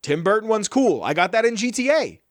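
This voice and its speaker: A man co-hosting a podcast, telling stories in a casual, animated and profane way. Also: sits high, brisk, dry recording. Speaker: podcast co-host. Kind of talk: casual chat.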